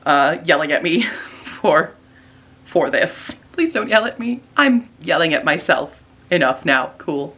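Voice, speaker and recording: A woman's voice: on the low side, sing-song, a little slow, a bit bright, husky. A woman vlogging casually about her book buying, self-deprecating and laughing as she rambles. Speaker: booktuber. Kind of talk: casual vlog.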